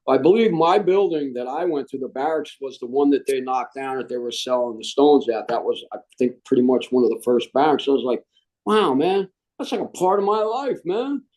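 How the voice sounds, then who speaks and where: In a laid-back interview, a U.S. Marine veteran recounts his experiences with lively energy, sprinkling in "man" and frequently restarting. He has a medium pitch, and the audio quality is poor.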